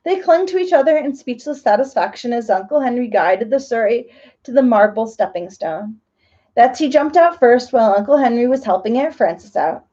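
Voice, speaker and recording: A woman reading a children's story aloud, gently and slowly with expressive phrasing. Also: a little high, lo-fi sound.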